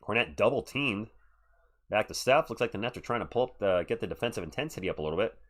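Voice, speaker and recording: A man's voice: on the low side, lively intonation, fast talker, a bit bright. A man calling live play-by-play on a stream, chatty and answering viewers between calls. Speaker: live stream sports commentator. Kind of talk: live play-by-play and chat reactions.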